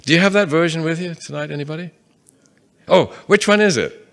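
Bright-voiced man teaching a Bible class. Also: a little high, a little fast. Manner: conversational, reads scripture aloud and questions the audience. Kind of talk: interactive Bible class lecture. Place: meeting room with a live audience.

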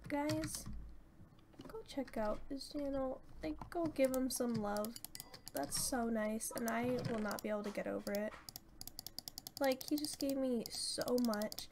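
A young woman casually commenting on her own gameplay, chatty and excitable, gushing with thanks. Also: a little high. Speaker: gaming channel host. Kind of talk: casual let's-play commentary. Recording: noisy home recording.

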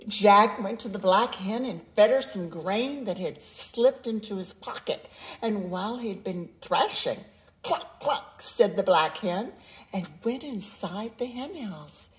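Slow, expressive woman reading a story. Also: medium pitch. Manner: slow, expressive, sing-song. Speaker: children's story reader. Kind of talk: read-aloud storytelling.

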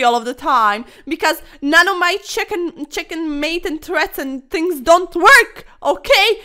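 A woman's voice: high voice, expressive, a little slow, few pauses, sharp tone. A young woman commentating her own online chess games in a playful, dramatic way, full of quirky slang and mock-formal asides. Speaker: chess streamer.

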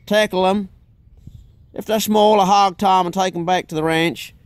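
A man's voice: high voice, steady tone, moderate pace, clean tone, no room sound, pitched above the performer's own voice, close to an everyday voice. A man putting on a bragging hunter. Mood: boastful. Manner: drawling, bragging, tall-tale telling. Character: boastful big Texan hunter man, swaggering.

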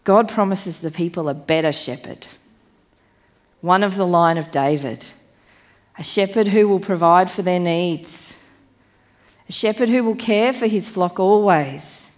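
A woman with a somewhat low voice delivers a church sermon. She reads scripture aloud in a measured, deliberate way. She slows down and presses on the key phrases. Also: a little mellow. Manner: measured, emphatic reading with slowed key phrases. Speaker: preacher.

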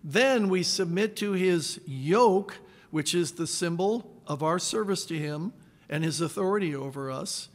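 A man preaching a sermon as pastor, measured, with dramatic pauses. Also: high voice, expressive. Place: church sanctuary. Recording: long church reverb.

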